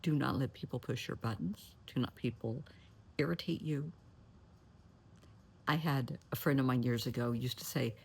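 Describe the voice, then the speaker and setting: This middle-aged woman's bass voice is gravelly, a little mellow, and breathy, moving at normal speed with long pauses. A therapist, she gives folksy, plainspoken advice to camera, addressing viewers as honey and sweetheart and now and then dropping almost to a whisper to stress a point.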